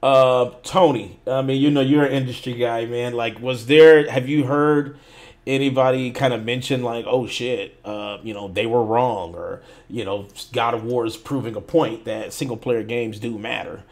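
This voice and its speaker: A man hosting a gaming podcast, talking loosely with swearing and drawn-out phrases. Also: medium pitch, fairly even intonation, a little mellow. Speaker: podcast host. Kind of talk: casual chat.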